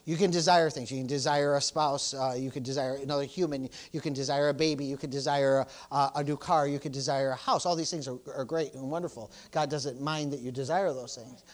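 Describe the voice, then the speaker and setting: A man preaching a sermon at a church service, repeating "praise the Lord" and "amen" and moving between loud exclamations and quiet asides. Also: mid-range voice, steady tone, a little fast, hardly any pauses.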